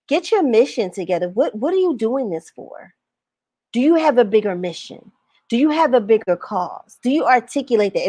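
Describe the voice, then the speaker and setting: A woman's voice: a little high, no room sound, clean studio sound. A woman coaching business owners on a livestream, talking emphatically, repeating her points and firing questions at viewers. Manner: emphatic, repeats phrases, asks the audience questions. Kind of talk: livestream talk reading viewer comments.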